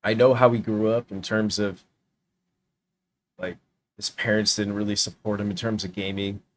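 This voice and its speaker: A man's voice: fairly low pitch, level tone, moderate pace. A young man streaming, giving a heated, profane reaction rant. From United States. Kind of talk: ranting reaction commentary.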